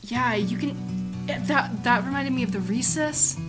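A woman's voice: fairly high pitch, normal speed, over loud music. Playful, giggly podcast co-host woman. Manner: giggly, playful, breaks into snippets of song. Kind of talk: casual chat.

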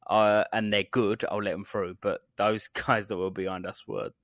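A man's voice: fairly low pitch, level tone, moderate pace, fairly bright tone, no echo. Joking man, dry close mic. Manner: jokey, laughs often, drawling asides. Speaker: podcast co-host. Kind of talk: casual chat. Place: home recording space.

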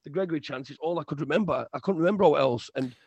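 A young man co-hosting a casual football podcast, ranting in an animated way and often repeating himself. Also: a little high, quick pace, creaky, slightly rough, no echo, muffled recording. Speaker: podcast co-host.

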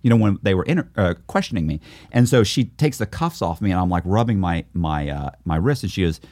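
A man's voice: deep voice, lively intonation, fairly quick, darkish tone, dry recording, studio quality. A middle-aged man, the guest, telling a story in a podcast interview and acting out both sides of the dialogue. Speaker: guest, author.

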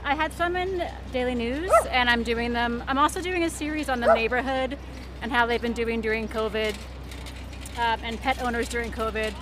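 A woman's voice: on the high side, normal speed. A woman photographer interviewed on a city street, talking casually with some hesitation. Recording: street noise behind.

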